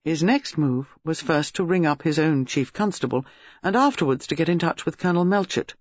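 A man's voice: on the high side, lively intonation, no room sound, dull audio. Man reading a mystery novel aloud. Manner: measured, gives characters distinct voices. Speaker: audiobook narrator. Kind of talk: scripted narration.

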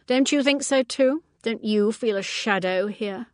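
A woman's voice: fairly high pitch, measured pace, no echo, clean studio sound, pitched above the performer's own voice, close to an everyday voice. A woman reading the part of an anxious older spinster sister who talks in fretful, trailing-off sentences. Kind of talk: audiobook character reading.

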